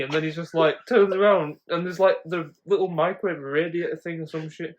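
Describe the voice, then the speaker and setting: A man's voice: a little high, brisk, hardly any pauses, dull audio. A man telling stories on a podcast, laughing often and swearing freely. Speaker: podcast co-host. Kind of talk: casual chat, storytelling.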